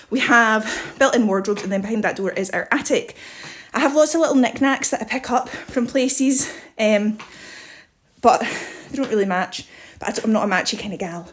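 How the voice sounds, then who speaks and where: A young woman, chatting quickly and a little out of breath while walking through her own house with a handheld camera. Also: medium pitch. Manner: chatty, quick, self-mocking with laughs. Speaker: vlogger. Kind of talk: house tour vlog.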